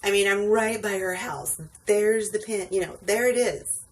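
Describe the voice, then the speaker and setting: A woman rideshare driver, tired late at night, sits on a wobbly stool at home and tells a rambling, um-filled story with asides for a casual vlog. Her pitch is medium and her pace measured. The audio comes from a distant mic with faint background noise.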